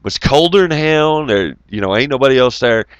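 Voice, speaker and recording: A man's voice: mid-range voice, animated, moderate pace, clear, resonant tone, no echo. Profane, rambling man. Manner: profane, rambling, laughs often. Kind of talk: casual rambling storytelling.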